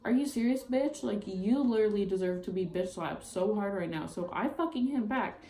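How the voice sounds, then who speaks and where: A woman's voice: mid-range voice, lively intonation, brisk, warm tone. A young woman telling a heated personal breakup story as a vlogger, profane and full of "like". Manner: heated, profane, filler-heavy retelling. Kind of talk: casual storytime. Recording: roomy echo, faint ambient noise.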